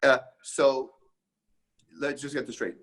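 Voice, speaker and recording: A man's voice: medium pitch, steady tone, fairly bright tone. A man from Canada, a guest on a business podcast, talking emphatically and acting out both sides of conversations. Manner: emphatic, acts out conversations in quick back-and-forth. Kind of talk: casual podcast interview.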